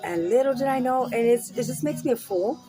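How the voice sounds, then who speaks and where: A woman's voice: on the high side, brisk, faint music behind. Rambling, profane woman vlogger. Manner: rambling, profane, swings from mumbles to loud outbursts. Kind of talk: candid talk to camera.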